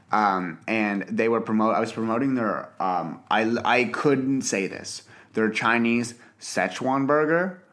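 A young man hosts a casual solo podcast, speaking in a lowish voice with a fairly bright tone. He rambles, pokes fun at himself, and often restarts his sentences, recorded on a podcast mic and filmed for video.

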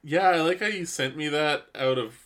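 A man co-hosting a podcast, reacting with quick jokes in a casual chat. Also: fairly high pitch, a bit bright. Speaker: podcast co-host.

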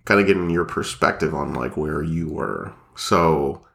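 A man's voice: a bass voice, a little slow, vocal fry, a bit bright, roomy sound. A young man co-hosting a casual podcast, sounding nasal from a cold, rambling and joking with lots of fillers. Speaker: podcast co-host. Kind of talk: casual chat. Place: small home studio, echoey.

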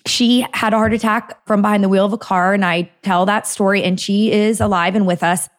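A woman's voice: mid-range voice, steady tone, a little fast. A middle-aged woman, a dietitian and author, telling a personal story in a casual conversation, often laughing and acting out her own past thoughts. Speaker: dietitian and author, interview guest.

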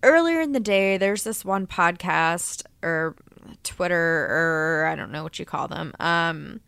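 A woman co-host of a podcast, telling stories in an excited casual chat, talking fast and swearing freely. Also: lowish voice, vocal fry, clean tone, no room sound. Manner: fast, animated, laughing storyteller who swears freely.

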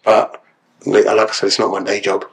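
A man talking as a podcast guest, chatty and animated, tagging his lines with "yeah?". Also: on the low side, brisk, vocal fry. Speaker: podcast guest, solicitor and actor. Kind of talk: casual podcast chat.

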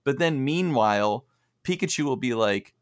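A man co-hosting a casual podcast. He retells scenes with animated energy and salty language. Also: medium pitch, moderate pace. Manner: animated, profane storytelling. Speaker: podcast co-host. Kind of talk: casual chat.

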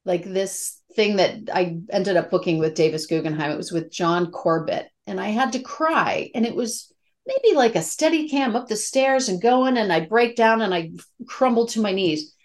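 This is a middle-aged woman speaking as an interview guest, an actress sharing stories about her work. She is open and emotional, often restarting her sentences and filling pauses with um and like. Her voice sits at an ordinary mid pitch. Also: lively intonation. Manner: candid, emotional, many fillers and restarts. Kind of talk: casual interview chat.

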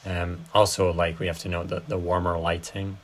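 Young woman with a very deep voice, co-hosting a podcast. Laid-back and sweary, with lots of short agreements. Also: level tone, normal speed, crowd noise. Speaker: podcast co-host. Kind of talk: casual film-review chat.

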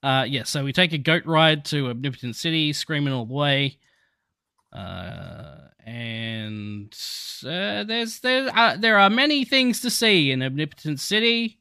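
A man's voice: fairly high pitch, sing-song, measured pace, pushed and bright, clean tone, no echo, clean studio sound. A man co-hosting a casual movie podcast, reading plot summary and trivia and chatting with laughs. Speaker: podcast co-host.

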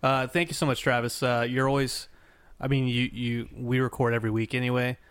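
A man with a mid-pitched voice hosts a podcast in a dry, deadened room. He banters with an easy laugh and reads out contact details in a relaxed way. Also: fairly quick, smooth, no echo. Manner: laughing, easygoing sign-off banter. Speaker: podcast host. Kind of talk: casual podcast chat.

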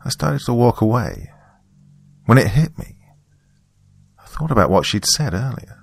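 A man reading a first-person horror story in a measured, hushed storytelling manner. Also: medium pitch, sing-song, gravelly, husky. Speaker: narrator. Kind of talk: scripted horror narration.

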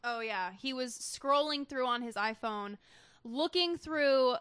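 Bright-voiced woman chatting on a podcast. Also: sits high, takes it slowly, clear, resonant tone, no echo. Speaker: podcast co-host. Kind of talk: casual chat.

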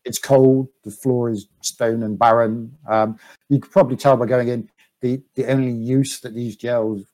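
A man running a tabletop role-playing game as game master, narrating the scene. He hesitates often and chuckles between lines, at an ordinary middle pitch. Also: little pitch movement, normal speed, a little mellow, low-quality recording. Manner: hesitant, many ums, chuckling.

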